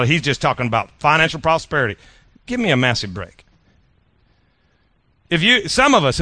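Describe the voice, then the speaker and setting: A middle-aged male pastor preaching a sermon in an animated, joking way, often repeating his words. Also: high voice, no room sound.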